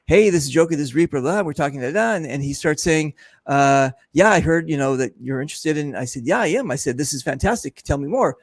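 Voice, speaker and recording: A man hosting a casual chat, telling a lively story and acting out what others said. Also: fairly high pitch, dry recording. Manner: animated storyteller, mimics others in his stories. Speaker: host. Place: event booth.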